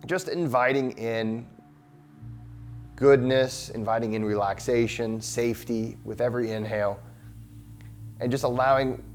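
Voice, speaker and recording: Calm low-voiced man guiding breathing. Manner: slow, soothing, encouraging. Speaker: breathwork host. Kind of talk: guided breathing exercise.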